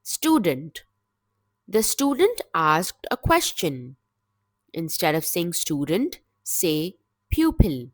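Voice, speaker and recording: A woman teaching English vocabulary in a slow, deliberate scripted lesson, with measured, clear word-by-word delivery. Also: fairly low pitch, sing-song, dry recording, studio quality.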